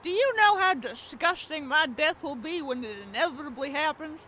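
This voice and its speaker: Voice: high voice, lively intonation, moderate pace, bright, forceful tone, slight background noise. A performer voicing a rich, domineering female mob boss in a comedy audio drama, speaking in an imperious, insulting way.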